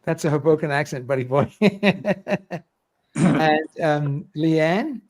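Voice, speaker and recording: A man's voice: fairly high pitch, slow, a little mellow. A man hosting a casual livestream, reading viewer comments aloud and laughing often. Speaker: livestream host.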